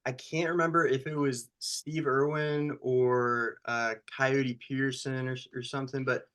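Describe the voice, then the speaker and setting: Casting: man, bright and rambling, relaxed interview guest, lots of "like" and "you know.". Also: mid-range voice, a little slow, smooth. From United States. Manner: rambling, loose storytelling with many fillers. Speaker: screenwriter and actor. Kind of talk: casual interview chat.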